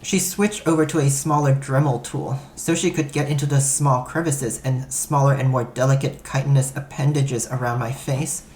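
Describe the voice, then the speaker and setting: A man narrating a first-person story in an even, matter-of-fact way. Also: medium pitch, normal speed, few pauses, slight background noise. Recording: roomy echo.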